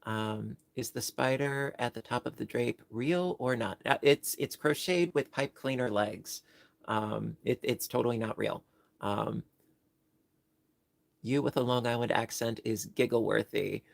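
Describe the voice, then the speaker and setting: A man with a gravelly voice of middle pitch hosts a casual livestream from home, chatting with viewers as he reads their comments. He rambles, restarts his sentences and apologizes often. The sound is dry and close, with no room echo. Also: unhurried. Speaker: livestream host. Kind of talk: casual chat reading live comments.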